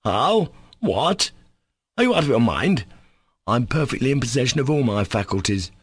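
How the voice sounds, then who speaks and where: A man voicing a furious, proud young Russian gentleman who shouts commanding accusations in an audiobook reading. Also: medium pitch, very animated, normal speed, slightly rough, no echo, voice pushed up.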